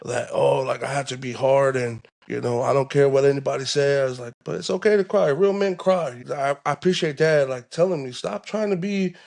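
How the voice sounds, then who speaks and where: A man's voice: mid-range voice, fairly quick, gravelly, few pauses, darkish tone. A young man hosting a podcast, talking in a laid-back way with lots of fillers and slang. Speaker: podcast host. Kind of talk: casual podcast chat.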